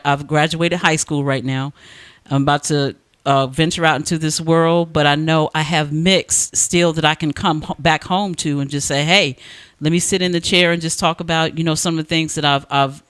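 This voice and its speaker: A man's voice: fairly high pitch, a bit bright, clear, resonant tone, no room sound. A man hosting a talk radio show, speaking in an earnest, heartfelt way with frequent restarts.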